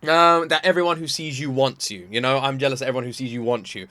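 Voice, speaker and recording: A man hosting a reaction video from home, gushing and animated, stumbling over his words as he talks. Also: mid-range voice, quick pace, no room sound. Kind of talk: excited casual reaction commentary. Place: room at home by a sunny window.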